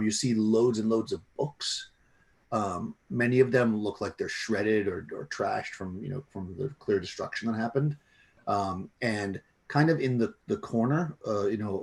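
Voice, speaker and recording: Gravelly, low-voiced game master. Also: male voice, darkish tone. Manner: rambling, many restarts. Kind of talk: narrating a tabletop game.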